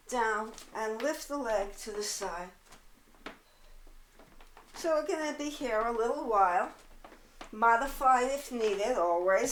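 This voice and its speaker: A woman guides a home pilates session, talking slowly and steadily as she counts reps. Her voice sits a little high and she sounds slightly out of breath from moving. The room around her is noticeably echoey. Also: slight background noise. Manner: calm counting and cueing while exercising. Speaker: pilates instructor. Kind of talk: guided workout instruction. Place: home apartment.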